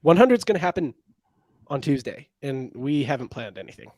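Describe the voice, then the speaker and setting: A man's voice: mid-range voice, big pitch swings, fairly quick, darkish tone, no echo, clean studio sound. A man co-hosting a casual sports podcast, chatty and jokey, calling out viewers' names from the chat. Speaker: podcast co-host.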